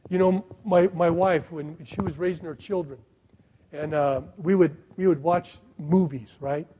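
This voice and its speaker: A middle-aged man preaching a sermon, asking the congregation rhetorical questions and dropping from loud emphasis to a hushed voice. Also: a little high, fairly even intonation, a little slow, a little hiss or hum, rough recording. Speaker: pastor.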